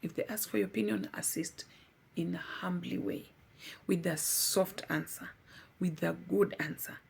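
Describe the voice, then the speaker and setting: A woman's voice: lowish voice, moderate pace, vocal fry, slight background noise. A young adult woman vlogger giving a heartfelt personal testimony, earnest and pleading, repeating words for emphasis.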